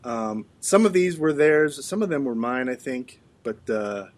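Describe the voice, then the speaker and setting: A man's voice: medium pitch, animated, a little slow. A middle-aged man hosting a casual chat, playfully reading out questions and laughing often. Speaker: podcast co-host.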